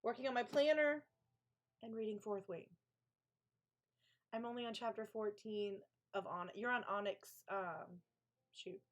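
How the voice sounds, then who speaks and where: A woman's voice: on the high side, unhurried, pauses often. Chatty woman gushing on a live stream. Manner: gushing, chatty, answers chat aloud. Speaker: author hosting a co-working stream. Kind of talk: casual live-stream chat.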